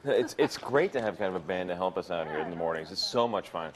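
A man hosting a morning show, chatting in an upbeat, quick-to-react way with his guests. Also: low-pitched, expressive, a crowd in the background. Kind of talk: casual morning radio interview.

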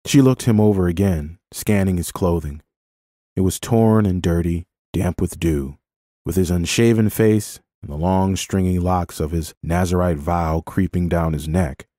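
A man reading a novel aloud in a measured, expressive way, as an audiobook narrator. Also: low voice, no room sound, studio quality. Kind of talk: scripted narration.

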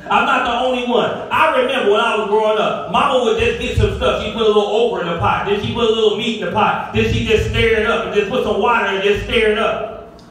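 A middle-aged man preaching in a church with a strikingly high voice. He calls out to the congregation and builds to shouts. The sound is echoey and caught from far off the mic. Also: fast. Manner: preaching with call-and-response, rising to shouts. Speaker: pastor. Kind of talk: sermon. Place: church sanctuary.

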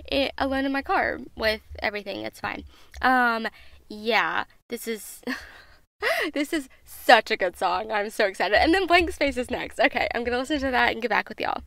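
A woman's voice: a little high, animated, normal speed, creaky, fairly bright tone, no room sound. A woman, hosting a podcast and gushing over music in bubbly, casual chat. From Southern United States. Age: 20s. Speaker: podcast host.

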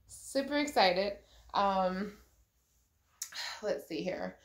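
A woman's voice: mid-range voice, a little slow, a bit bright. A young woman vlogging a casual pregnancy update, chatty and gushing, with lots of ums and likes. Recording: echoey room.

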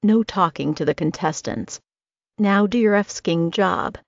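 A woman voicing a menacing, brutish best man who snaps and shouts. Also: lowish voice, unhurried, no echo, highs cut off. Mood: angry. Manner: shouting, snapping.

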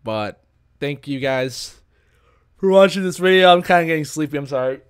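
A man's voice: fairly high pitch, normal speed, clean tone, no echo, studio quality. Young man gaming YouTuber, casual sign-off. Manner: casual, laid-back sign-off to viewers. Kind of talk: let's-play commentary.

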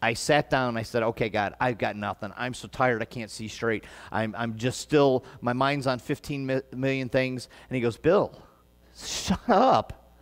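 A man's voice: mid-range voice, fairly even intonation, normal speed, hardly any pauses. Earnest Midwestern man preaching in a reverberant church. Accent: Midwestern American. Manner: earnest, conversational preaching with rising emphatic passages. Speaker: pastor. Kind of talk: sermon. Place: church sanctuary. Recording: long reverb of a church hall.

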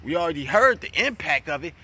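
A young man with a New York accent, delivering a mocking, profane trash-talking vlog rant about a battle rapper, jumping between loud jabs and low mutters. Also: very animated, quick pace, background noise. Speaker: battle rap commentator.

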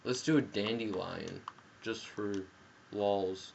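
Excitable young gamer on a headset. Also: male voice, fairly low pitch, a little slow. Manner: excitable, jokey, yells at the game. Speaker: gameplay commentator. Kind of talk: casual gameplay commentary. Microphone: gaming headset. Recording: dull headset audio with faint noise.

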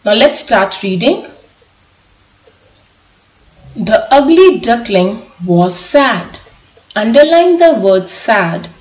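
Woman schoolteacher, slightly high voice, very slow careful delivery that spells words out letter by letter, echoey room. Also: sing-song. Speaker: teacher. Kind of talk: online class lesson reading a story aloud.

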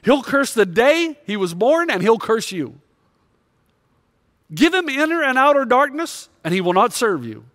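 A man's voice: very high voice, big pitch swings, a little slow, a bit bright, long reverb tail, full character voice. Satan, scornful and accusing, as a man puts him on. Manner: taunting, accusatory. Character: scornful accusing male devil.

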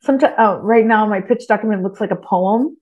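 Animated, swearing woman guest in casual chat. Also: mid-range voice, a little fast, muffled recording. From Texas. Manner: animated, swears freely, laughs often. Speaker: podcast guest, writer.

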